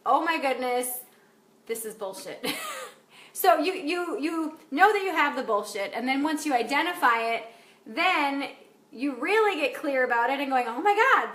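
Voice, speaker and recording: A woman's voice: high-pitched, bright, forceful tone, roomy sound. A woman coach talking casually on a live video, chatty, laughing often and swearing freely. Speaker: life coach. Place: home in Wisconsin.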